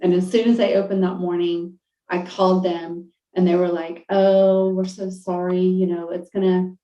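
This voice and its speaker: A middle-aged woman telling a deeply emotional personal story on a podcast, halting, with many fillers and restarts. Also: flat delivery, warm tone. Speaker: podcast guest. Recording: roomy, distant, dull lo-fi audio.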